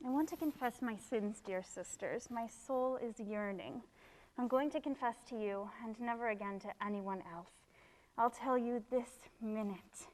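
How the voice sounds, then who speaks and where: A woman plays a restless young wife who pours out her feelings in a heartfelt, confessional way. Her voice is fairly high and carries a long reverberant echo. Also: normal speed, lightly acted. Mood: confessing. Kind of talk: amateur stage drama.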